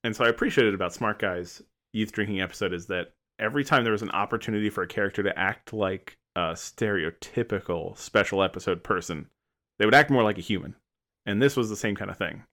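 Low-voiced joking podcast co-host man. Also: fast talker, a bit bright. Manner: joking, rambling, self-interrupting. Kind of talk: casual podcast chat.

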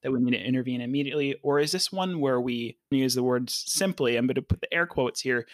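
Brief: male podcast co-host, mid-pitch, dry close sound, explainer who keeps asking "right?". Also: quick pace, few pauses, no room sound. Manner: explanatory, often checks in with "right?". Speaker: podcast co-host, behavior analyst. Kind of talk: casual podcast discussion.

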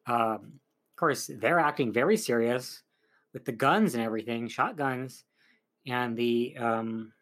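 A man casually recapping a film's plot as a reviewer, rambling with lots of fillers. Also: mid-range voice. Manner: chatty, rambling, full of "like" and "um". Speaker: film reviewer.

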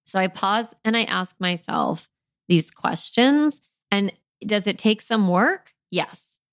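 A woman in her thirties hosting a casual solo parenting podcast, talking through her own thoughts in a gentle, chatty way full of "like" and questions to herself. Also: medium pitch, animated, slow, no echo, studio quality. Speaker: podcast host and parenting coach.

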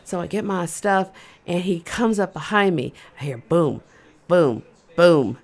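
A woman in her fifties hosting a show, telling a comic personal story in an animated, dramatic, conversational way. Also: fairly low pitch, normal speed. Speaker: storyteller host.

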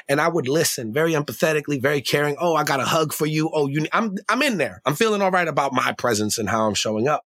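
On a dry recording, a man with a mid-range, slightly bright voice shares a personal story as a podcast guest. An emcee and educator, he speaks candidly, reflectively, and with slang, frequently asking "right?"

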